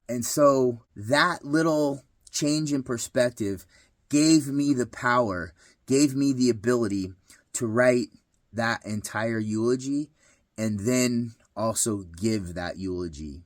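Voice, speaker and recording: A man's voice: mid-range voice, slow, dry recording, clean studio sound. A man in his thirties sharing a personal story and life advice, earnest and heartfelt, repeating phrases for emphasis. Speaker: vlogger giving life advice.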